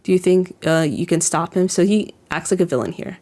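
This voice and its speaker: This woman's voice sits on the low side, brisk and a little mellow, as she reacts casually to an anime episode. She rambles, leans heavily on "like," keeps restarting, and chuckles while describing scenes.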